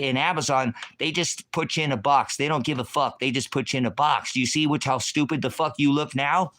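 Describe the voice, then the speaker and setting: A man's voice: medium pitch, fairly bright tone. A man hosting a livestream, angrily berating commenters with constant profanity in a heated, combative rant. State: agitated. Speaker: livestream host answering chat.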